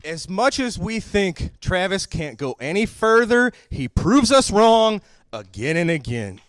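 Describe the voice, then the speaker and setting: A man's voice: sits high, big pitch swings, a little slow, no echo, studio quality. A man announcing and interviewing wrestlers on a wrestling show, in a hyped announcer manner.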